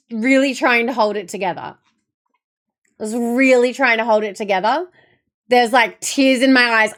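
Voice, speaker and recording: A woman's voice: on the high side, a bit bright. A young adult woman streamer chatting casually with her viewers, telling a long, emotional story in a rambling way.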